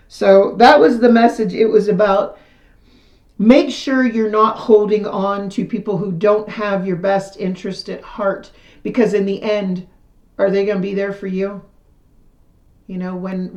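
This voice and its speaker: A woman doing a casual tarot reading, chatty and self-deprecating, her voice still a little hoarse after losing it. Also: mid-range voice, a little mellow, roomy sound. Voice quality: slightly hoarse, recovering from lost voice. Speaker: tarot reader. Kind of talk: casual tarot reading, reading card texts aloud.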